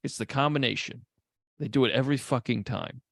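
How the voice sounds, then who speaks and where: A man co-hosting a casual movie podcast, animated and profane, acting out characters' lines as he talks. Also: medium pitch, fairly quick, creaky, slightly rough, no echo, clean studio sound. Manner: animated, swears a lot, acts out characters' lines. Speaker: podcast co-host.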